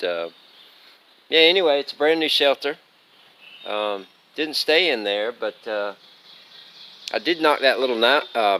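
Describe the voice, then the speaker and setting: A man's voice: lowish voice, bright, forceful tone, slight background noise. A man hiking a long trail and talking to his handheld camera in an easygoing, rambling, self-mocking way, sometimes short of breath from climbing. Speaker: thru-hiker vlogger. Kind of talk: casual trail vlog. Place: outdoors on a forest trail.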